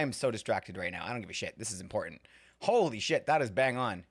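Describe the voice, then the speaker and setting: Excitable rambling male streamer. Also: lowish voice, fast, slightly rough, dry recording. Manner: rambling and excitable, laughs often, swears. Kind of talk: live gameplay stream chat.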